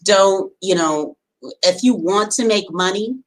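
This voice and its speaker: A woman's voice: mid-range voice, unhurried, rough recording. Woman, business coach; emphatic motivational talk, repeats her points. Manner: emphatic, repetitive exhortations.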